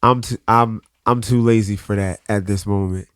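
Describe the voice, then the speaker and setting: Speaking as a guest artist on a podcast, a man gives a candid, conversational interview in an earnest, open way, often restarting his sentences haltingly. His voice is lowish, smooth, and fairly even in intonation, recorded clean in a studio with no room sound.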